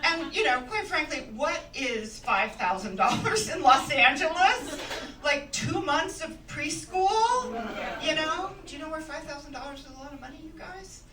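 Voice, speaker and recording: A woman's voice: high-pitched, expressive, moderate pace, noisy background. A middle-aged woman performing a stand-up set on a comedy club stage, wry and conversational, often laughing as she talks. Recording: roomy club sound from a distance. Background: audience laughter.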